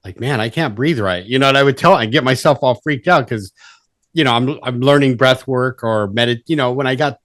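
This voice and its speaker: A man's voice: medium pitch, brisk, no echo, clean studio sound. A man hosting a podcast, chatting casually with his guest and sharing his own experiences. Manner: relaxed, chatty, many fillers. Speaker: podcast host. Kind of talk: casual conversation.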